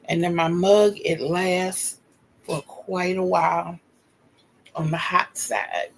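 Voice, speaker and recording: A woman's voice: lowish voice, level tone, takes it slowly, slight background noise, rough recording. An older woman in her sixties from North Carolina with a Southern accent, chatting casually and homey on her livestream as host.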